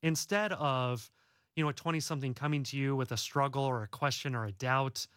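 A man's voice: mid-range voice, a little fast, fairly bright tone, clear, resonant tone, no echo, clean studio sound. A young adult man, an author and guest, talking earnestly and reassuringly in a casual faith-based interview, often restarting his words.

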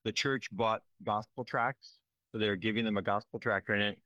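A man's voice: fairly low pitch, steady tone, moderate pace, sharp tone, dry recording, lo-fi sound. Earnest man on dry recording. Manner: earnest, emotional, often asks "right?". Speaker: disaster relief worker. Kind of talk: conversational field report.

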